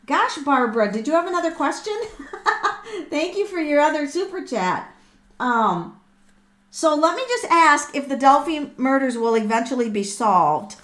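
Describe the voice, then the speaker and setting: A middle-aged woman hosting a live tarot reading, excitable and thinking aloud with frequent ums and repeated words. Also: high voice, moderate pace. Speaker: tarot reader and livestream host.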